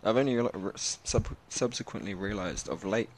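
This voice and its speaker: A man, rambling in a slangy, casual monologue that turns animated as he tells stories. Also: lowish voice, moderate pace. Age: 20s.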